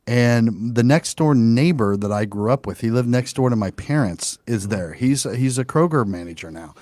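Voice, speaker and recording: A man's voice: medium pitch, normal speed, no echo. A man who hosts a casual comedy chat, telling stories and acting out the people in them. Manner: animated storyteller, acting out quotes. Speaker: comedian host. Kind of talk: casual chat on a video call.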